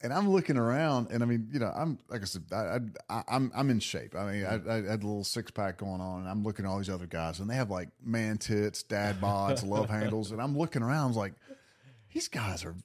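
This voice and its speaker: A man guest on a podcast, telling a story in a casual, animated way, laughing and restarting his sentences. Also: on the low side, quick pace, hardly any pauses. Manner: animated, laughing, lots of restarts and acted self-talk.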